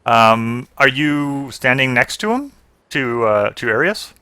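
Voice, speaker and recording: A man runs a tabletop session as game master, his voice bright and edgy. The recording is dry and close. He halts often, circling back with fillers as he describes the scene. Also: mid-range voice, very animated, takes it slowly, smooth, no room sound. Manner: hesitant, with many fillers and restarts.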